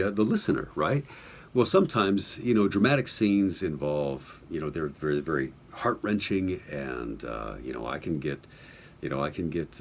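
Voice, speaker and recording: A man's voice: deep voice, slight background noise. A middle-aged man from New Mexico, an audiobook narrator, answering interview questions casually from his home studio, rambling and joking as he goes. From Albuquerque, New Mexico, US.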